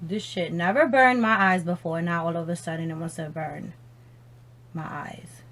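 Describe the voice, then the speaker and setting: A woman's voice: on the low side, steady tone, a little fast, a bit bright. A young woman vlogging as she does her makeup, swearing a lot and laughing often while chatting on the phone. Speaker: beauty vlogger. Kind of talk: casual makeup chat on the phone.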